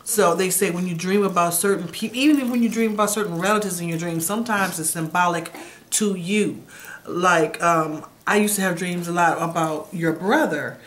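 A middle-aged woman hosting a casual chat, calmly explaining what dreams mean. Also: fairly low pitch, normal speed. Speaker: host.

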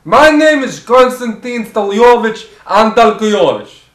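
A man's voice: high-pitched, expressive, measured pace, a bit bright, pitched above the performer's own voice. A man voicing a cheerful, bumbling Russian cooking show host in a fake Russian accent and broken English. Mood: cheery. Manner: broken English, hammy showman. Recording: echoey room.

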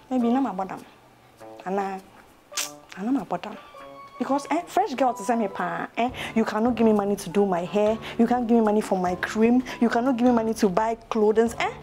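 A woman's voice: mid-range voice, darkish tone, natural voice. A young woman with a Ghanaian accent playing a chatty young woman in a comic web series monologue, gossiping in a mix of English and pidgin.

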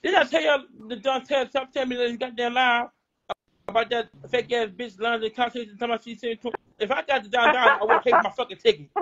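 A woman's voice: fairly high pitch, steady tone, quick pace, fairly bright tone, muffled recording, a little hiss or hum. A woman hosting a live stream, insistently repeating requests and stammering as she talks. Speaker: live-stream host asking viewers for money. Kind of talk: casual live-stream chat.

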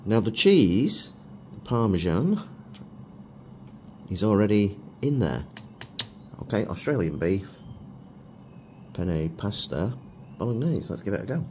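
A man's voice: fairly low pitch, big pitch swings, slow pace, long pauses, a little mellow, a little hiss or hum. A middle-aged man reviewing food for his vlog in a chatty, self-mocking way with chuckles. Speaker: food vlogger.

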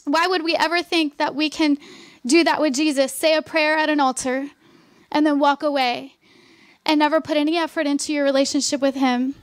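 Woman, pastor, revival sermon, dry close sound, fervent declarations, soft conversational asides. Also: sits high, steady tone, brisk, dry recording. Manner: fervent, declarative preaching with repeated commands.

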